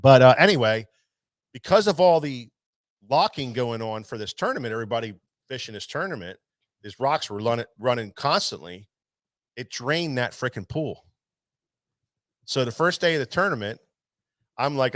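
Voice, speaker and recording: A man's voice: medium pitch, expressive, moderate pace, dry recording. A man who runs a tackle shop, telling a long fishing story in casual chat, rambling with many restarts. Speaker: tackle shop owner, show host.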